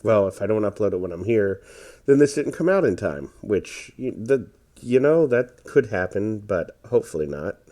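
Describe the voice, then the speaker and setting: A man giving relaxed, rambling commentary over his own gameplay, tired and hesitant, with many fillers. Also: fairly low pitch, normal speed. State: tired, yawning. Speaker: gaming commentator.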